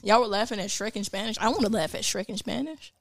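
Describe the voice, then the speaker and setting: Playful, gravelly-voiced podcast co-host, a man. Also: high voice, fast talker, a bit bright, dry recording, studio quality. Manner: playful, teasing. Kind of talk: casual chat.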